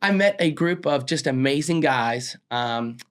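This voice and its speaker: A man's voice: mid-range voice, lively intonation, unhurried, clear, resonant tone. A young man, a roofing business owner, telling his story as an interview guest, acting out quoted dialogue and laughing often.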